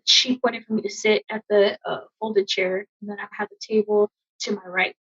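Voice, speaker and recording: Husky woman veteran telling her story. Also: mid-range voice, flat delivery, a bit bright. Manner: emotional, halting, many fillers and restarts. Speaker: army veteran guest. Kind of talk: candid personal storytelling in a podcast interview. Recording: dull lo-fi sound.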